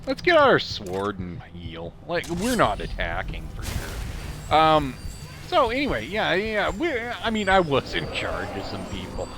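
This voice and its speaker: A man's voice: fairly high pitch, wildly swooping pitch, unhurried, background noise. Rambling gamer man with an Idaho drawl. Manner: rambling, laughs often, self-mocking, snarky. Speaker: gamer commentating his play. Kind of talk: casual gameplay commentary with storytelling.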